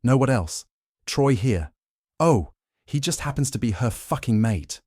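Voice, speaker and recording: A man's voice: mid-range voice, expressive, unhurried, darkish tone, breathy edge, no echo, studio quality, voice pushed up. A man voicing a fierce, angry female werewolf who swears and mocks. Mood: angry sarcastic. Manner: furious, swearing, mocking.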